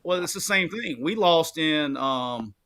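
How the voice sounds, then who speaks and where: A man's voice: on the high side, lively intonation, unhurried, fairly bright tone. Fiery, profane man ranting. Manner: fiery, profane rant full of coach-style commands. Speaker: former player turned analyst. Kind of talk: postgame show chat.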